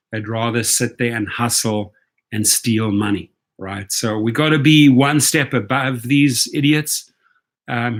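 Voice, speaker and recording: A man's voice: medium pitch, fairly bright tone. A man with a South African accent hosting a livestream, talking emphatically and reading out viewer comments, often ending points with "right?". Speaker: rideshare channel host.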